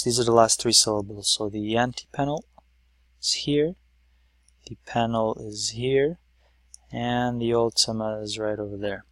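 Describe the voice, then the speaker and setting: A man's voice: mid-range voice, a bit bright, dry recording. A man teaching a lesson at a whiteboard, explaining patiently step by step with some fillers.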